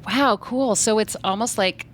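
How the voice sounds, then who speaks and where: A woman's voice: mid-range voice, a little slow, a little hiss or hum, low-quality recording. An American woman hosting an interview, asking questions in an eager, chatty way. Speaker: interview host. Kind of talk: casual interview chat.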